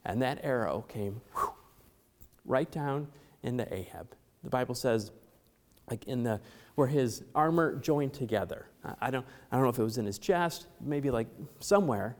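Man preaching in a reverberant hall. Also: mid-range voice. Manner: animated, acts out characters' lines in quick voices. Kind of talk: sermon retelling a Bible story.

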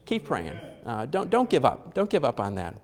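Lively-voiced preacher in a reverberant hall. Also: male voice, medium pitch, a little fast. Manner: conversational, repeats phrases, brief chuckles. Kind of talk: sermon.

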